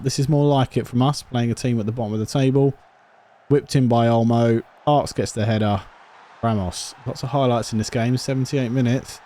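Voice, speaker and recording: A man giving casual, excitable commentary over a football management game, swinging from shouted reactions to quiet musing. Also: medium pitch. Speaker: gaming YouTuber.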